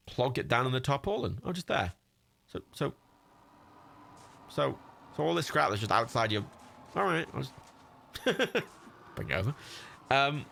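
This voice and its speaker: A man's voice: mid-range voice, vocal fry, bright, forceful tone, a little hiss or hum. A young man with an English accent giving rambling, sweary let's-play commentary on a livestream and laughing often.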